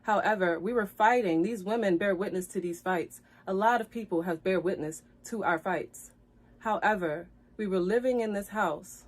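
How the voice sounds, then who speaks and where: Close to tears, a woman tells her live-stream audience about a painful breakup in a middle-pitched voice at normal speed. Talking directly to viewers, she circles back over phrases and rises loud and heated over the fights.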